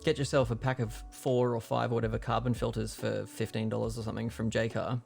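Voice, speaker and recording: Gravelly guy explaining on stream. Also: mid-range voice, level tone, fast, a little mellow, faint music behind. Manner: rambling, explanatory, many fillers and restarts. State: hiccuping. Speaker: streamer building a keyboard. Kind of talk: casual livestream tutorial.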